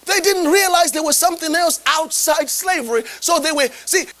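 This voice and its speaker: High-voiced, emphatic preaching man. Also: moderate pace, fairly bright tone, rough recording. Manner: emphatic, rhetorical questions to the congregation. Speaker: bishop preaching. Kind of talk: sermon.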